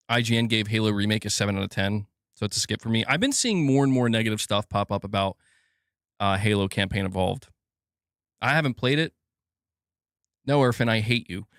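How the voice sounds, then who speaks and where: A man's voice: on the low side, fairly bright tone, no room sound, clean studio sound. A man hosting a casual gaming news livestream, reading donations aloud and joking and laughing with his chat.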